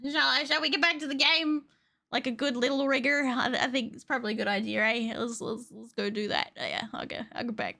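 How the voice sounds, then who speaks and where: A woman's voice: fairly high pitch, steady tone, a little fast, vocal fry, sharp tone. A woman streaming a game, chatting casually in a rambling, giggly way and swearing freely. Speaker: VTuber streamer and model rigger. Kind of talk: casual live-stream chat while gaming.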